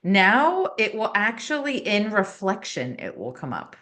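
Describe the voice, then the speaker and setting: A woman consultant and coach talking in a casual podcast conversation, explaining things with animated asides. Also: mid-range voice, a little slow.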